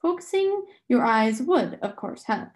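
A woman voicing a sinister man who talks gently and condescendingly. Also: on the high side, big pitch swings, unhurried. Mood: soothing menace. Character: sinister man, soothing and menacing.

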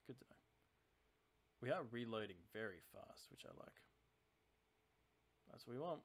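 A very animated man with a medium pitch and a moderate pace offers laid-back let's-play commentary on a naval strategy game for his channel. He mulls over tactics out loud, chatty and analytical.

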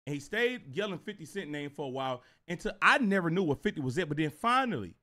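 A man's voice: on the high side, quick pace. A man streaming live, telling a story to his chat in a casual, profane way. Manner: animated and profane, talks straight to viewers.

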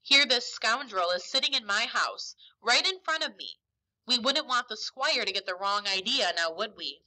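A woman's voice: a little high, animated, normal speed, bright, forceful tone, poor audio. A woman voicing a tall, one-legged pirate innkeeper, jovial and sly, with hearty exclamations. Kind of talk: storybook read-aloud.

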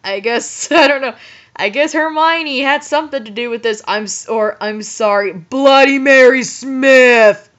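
A woman reading a story aloud for comedy, with exasperated, halting asides. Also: a little high, fairly bright tone. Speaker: reader and commentator. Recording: dull lo-fi recording.

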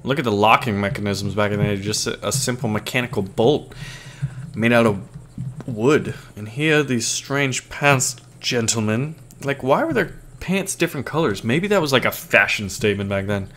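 A man's voice: mid-range voice, expressive, moderate pace, fairly bright tone. A man with a scratchy voice, giving joking, casual commentary on a game as he plays. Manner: playful, jokey, casual. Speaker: gaming channel host. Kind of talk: let's play commentary.

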